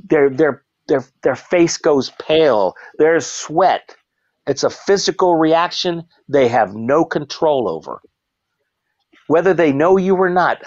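A man who works as a clown, telling stories in a casual interview, animated and quick to laugh, jumping into high shouted voices when quoting people. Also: dry recording, highs cut off. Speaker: professional clown, guest.

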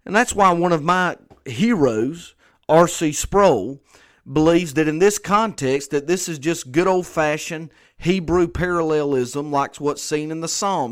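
A pastor delivering a conversational sermon, earnest and repeating phrases for emphasis. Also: male voice, on the high side.

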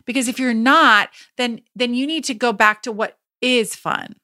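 A woman's voice: on the high side, moderate pace, pushed and bright, no room sound, clean studio sound. A woman in her thirties hosting a podcast on her own, talking casually and emphatically with many restarts and quoted asides. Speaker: podcast host. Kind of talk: casual solo podcast talk.

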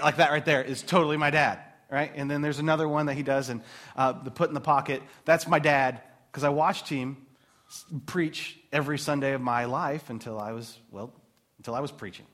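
Conversational young pastor preaching, animated. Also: male voice, fairly high pitch, moderate pace. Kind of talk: sermon.

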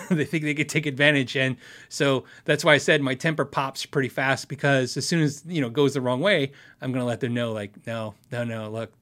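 A man hosts a relaxed livestream, answering viewers' questions in a friendly, frank manner and laughing a lot. His voice is medium in pitch with a fairly bright tone.

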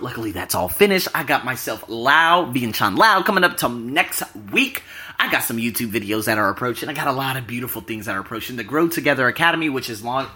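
An animated man talks straight to his viewers in a casual vlog. His voice is bright and his pitch swings widely as he presses his points with emphasis. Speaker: YouTuber and podcaster.

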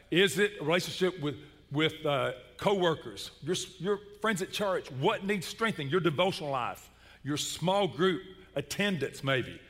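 A man's voice: a little high, in a large hall. A middle-aged man, preaching a sermon and telling stories with comic energy. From Chattanooga, Tennessee. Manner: animated, comic storytelling. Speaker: pastor. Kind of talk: sermon with storytelling.

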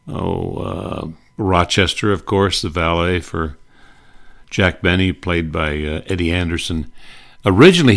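Deep, gravelly older male host. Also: a bit bright. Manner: chuckling, rambling, filler-heavy storyteller. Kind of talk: casual reminiscing about old radio comedy.

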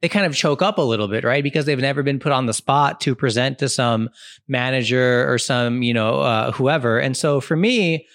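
A man's voice: mid-range voice, normal speed, fairly bright tone, no room sound. Chatty man in his thirties, dry sound. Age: 30s. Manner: chatty, full of "like", "you know" and "right?". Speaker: comedian and podcast host. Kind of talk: casual advice monologue.

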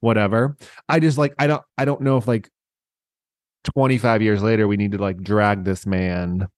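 A man co-hosting a podcast, chatting casually and joking with quick laughs. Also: medium pitch, no room sound, studio quality. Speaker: podcast co-host. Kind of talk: casual chat.

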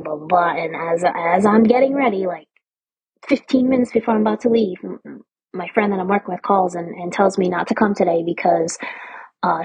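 A woman's voice: lowish voice, breathy edge, no room sound, rough recording. A woman hosting her own podcast, talking candidly in a casual spiritual monologue, swearing freely, laughing often and checking in with listeners with "right?". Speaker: podcast host.

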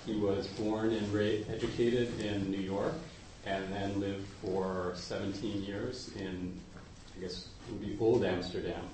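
A man hosting a meeting, introducing the guest speaker with hesitant pauses and a dry joke. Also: fairly low pitch, fairly even intonation, darkish tone, recorded from a distance, a little hiss or hum. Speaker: meeting host. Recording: echoey room, off mic.

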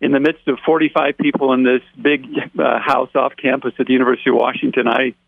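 Male guest, gravelly mid-pitched voice, animated storyteller who voices the people he quotes; tinny dry phone line. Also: fast, dry recording. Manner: animated, acts out quoted dialogue. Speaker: interview guest. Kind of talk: personal testimony storytelling.

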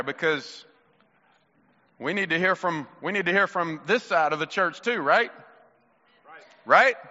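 Bright-voiced pastor talking to kids. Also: male voice, high-pitched. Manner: friendly, playful questioning of children. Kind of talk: children's sermon to a congregation. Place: church sanctuary. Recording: muffled church recording with long reverb.

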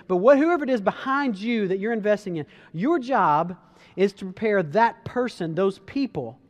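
A high-voiced man gives a motivational talk, telling earnest stories to an audience. He sounds conversational, restarts his sentences often, and calls his listeners "guys."

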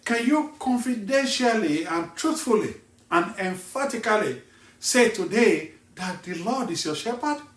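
A male evangelist from Nigeria preaching a sermon slowly and emphatically, asking the listener pointed questions. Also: high voice, animated, recorded from a distance. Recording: echoey room, voice set back from the mic.

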